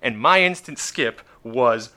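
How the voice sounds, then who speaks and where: Man, podcast host, casual chat, animated, bright tone, very lively pitch. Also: slow pace. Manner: animated, laughs often, sings snippets.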